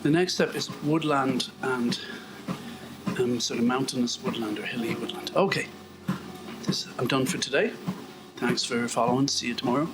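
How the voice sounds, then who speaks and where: Jogging on an indoor treadmill, an Irish man who vlogs offers rambling, self-deprecating commentary at a moderate pace with frequent pauses. His voice sits at a medium pitch, and he keeps sinking into murmured asides. The recording is low quality, with soothing instrumental music in the background.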